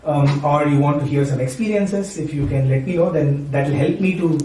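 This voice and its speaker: A man's voice: fairly high pitch, brisk, dark tone, a little hiss or hum. A man from Maharashtra gives an informal devotional talk, often checking in with "right?" and "you know". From Maharashtra, India. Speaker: spiritual speaker and university teacher. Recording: echoey room, voice from far off.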